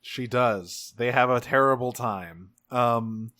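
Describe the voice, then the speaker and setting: A man co-hosting a podcast, recapping an episode in a rambling, profane, animated way. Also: mid-range voice, takes it slowly, no room sound. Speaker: podcast co-host. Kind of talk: casual episode recap chat.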